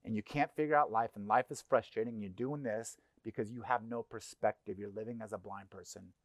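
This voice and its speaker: A middle-aged man preaching a sermon in a conversational, animated way, acting out little voices. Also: lowish voice, brisk, dry recording, studio quality. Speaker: pastor. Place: church.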